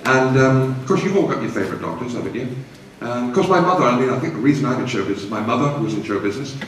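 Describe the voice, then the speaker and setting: A man's voice: mid-range voice, expressive, very fast, a little hiss or hum. A man, a guest actor telling self-mocking jokes and answering fan questions, laughing at his own stuff. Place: large event hall in a hotel. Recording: echoey hall from far off with audience.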